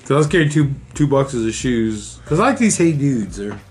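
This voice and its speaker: A man's voice: medium pitch, very animated, moderate pace, faint music behind. A man in casual chat, telling crude stories with lots of swearing and laughter. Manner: profane, laughing storyteller.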